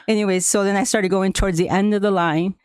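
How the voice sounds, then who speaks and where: A woman whose first language is Spanish tells a school board about a trip. She talks haltingly, with fillers and restarts, and laughs often. Her voice is smooth and clear, and the recording is dry and close. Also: medium pitch, fairly even intonation, no echo. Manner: laughs often while telling a story. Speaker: school staff member addressing the board. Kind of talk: personal account at a public meeting.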